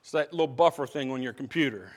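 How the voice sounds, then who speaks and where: A man's voice: mid-range voice, quick pace. A man preaching a sermon as pastor, talking conversationally, restarting phrases and asking the congregation questions. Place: church sanctuary. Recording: long hall reverb from a church sanctuary.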